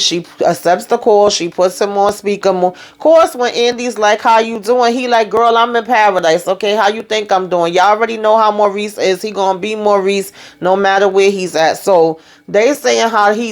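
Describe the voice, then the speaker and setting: A woman hosting a casual TV recap, chatting loosely through the scenes and acting out the characters' lines as she retells them. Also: medium pitch. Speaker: TV show recap host.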